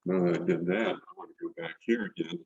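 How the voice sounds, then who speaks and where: His voice sits low but swings hugely in pitch, quick in pace, gravelly and a little mellow. He is an older instructor painting on an online video session from his studio, rambling and repeating words as he works. The video call mic gives a lo-fi sound with no echo.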